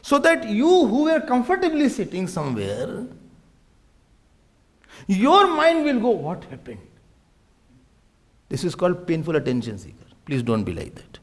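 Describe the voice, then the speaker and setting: A man's voice: high voice, huge pitch swings, normal speed. A man giving a humorous spiritual discourse as a swami, acting out family quarrels and slipping into Hindi. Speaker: swami giving a scripture talk.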